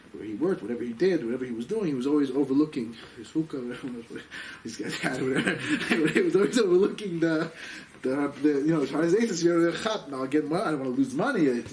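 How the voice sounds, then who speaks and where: Animated fast-talking man telling stories. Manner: excitable, acts out quoted people with sudden jumps in pitch; sprinkles in Yiddish and Hebrew terms. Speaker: rabbi teaching a class. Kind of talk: animated storytelling Torah class. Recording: distant mic with faint background noise.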